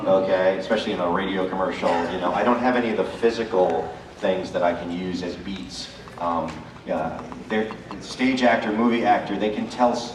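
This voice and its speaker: Deep-ish man, echoey far-off panel mic. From Brooklyn, New York. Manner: explanatory, animated storyteller. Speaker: voice actor panelist. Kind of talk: convention panel talk. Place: large convention panel room. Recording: echoey hall, distant mic, faint noise.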